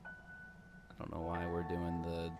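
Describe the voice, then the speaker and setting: A man's voice: sits low, completely flat delivery, measured pace, over music. A man casually commenting on videos he plays, wry and rambling, often asking questions aloud.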